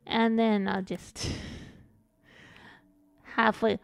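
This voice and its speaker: Smooth, unhurried, giggly woman streamer. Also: a little high, fairly even intonation. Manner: rambling and giggly, calls herself by her own nickname. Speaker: VTuber streamer. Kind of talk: casual chat while streaming a game.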